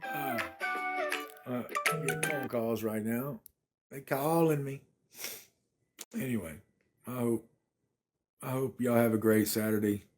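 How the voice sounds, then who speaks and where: A man's voice: mid-range voice, fairly even intonation, a little slow, long pauses, darkish tone, faint music behind. A man, chatting casually on a phone livestream from his apartment and thanking viewers by name. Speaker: livestream host.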